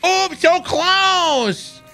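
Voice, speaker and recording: A man's voice: very high voice, drawn-out words, pushed and bright, faint music behind. A man streaming a video game, ranting with exasperation and frequent swearing. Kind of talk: casual gameplay commentary.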